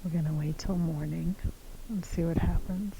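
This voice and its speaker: A woman hiker whispers a calm update from a trail shelter, her voice low and gravelly. There is clear background noise behind her quiet words. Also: moderate pace, rough recording. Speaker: long-distance hiker vlogger. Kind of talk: quiet evening vlog update.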